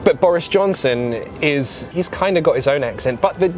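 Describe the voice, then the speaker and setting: A woman's voice: low voice, expressive, normal speed, a little mellow, soft background music. A woman with a London accent, chatting casually as a guest and demonstrating ways of pronouncing English. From London, England. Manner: explains pronunciation and demonstrates accents. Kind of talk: casual chat.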